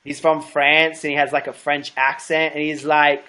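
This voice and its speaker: A man's voice: on the high side, level tone, normal speed, bright, forceful tone. A young adult man hosting a casual livestream chat, gossipy and giggly with a camp manner. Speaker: host.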